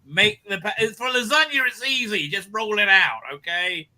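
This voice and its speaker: A man's voice: high-pitched, animated, moderate pace, pushed and bright. A man on a panel show talking emphatically, stumbling and restarting as he goes. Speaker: guest panellist. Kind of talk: casual chat.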